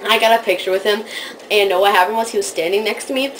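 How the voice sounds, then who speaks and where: A woman telling a story in a casual vlog, gushing and excitable, jumping into squealed quotes of what people said. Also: mid-range voice, fast talker, a little hiss or hum, rough recording. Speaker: vlogger.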